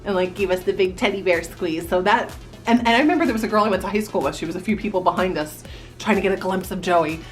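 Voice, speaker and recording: A woman's voice: mid-range voice, fast talker, soft background music. Chatty woman vlogger from New Jersey. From New Jersey, USA. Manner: chatty, animated reminiscing with quoted voices. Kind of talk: casual storytelling to camera.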